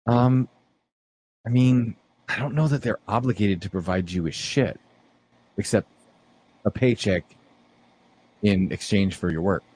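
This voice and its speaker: A man's voice: fairly low pitch, unhurried, long pauses, darkish tone, slight background noise. A man co-hosting a casual podcast, reading an article aloud and giving blunt opinions on it. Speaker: podcast co-host.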